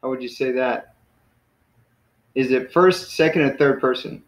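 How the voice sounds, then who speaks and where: A man teaching a class in a relaxed, casual way, with many fillers and self-corrections. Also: medium pitch, unhurried. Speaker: Greek teacher. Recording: roomy, dull lo-fi classroom recording.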